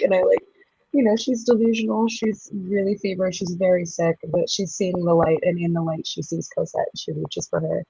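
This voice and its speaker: Brief: low, husky-voiced actress in her 30s, bubbly raconteur, dry lo-fi sound. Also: moderate pace, no echo. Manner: bubbly, laughs often, lively storytelling. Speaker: touring musical theatre actress, guest. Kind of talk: casual interview chat.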